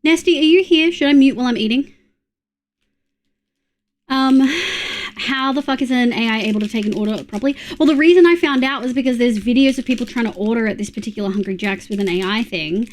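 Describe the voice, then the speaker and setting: A woman's voice: fairly high pitch, a little fast. An Australian woman in her thirties chatting casually on a live stream, blunt and sweary, reacting to chat.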